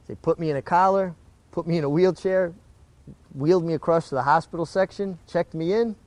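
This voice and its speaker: A man's voice: fairly high pitch, brisk, a little mellow, dry recording. Earnest middle-aged man telling his story. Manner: earnest, repeats words when restarting. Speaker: retired jockey guest. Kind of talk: casual storytelling interview.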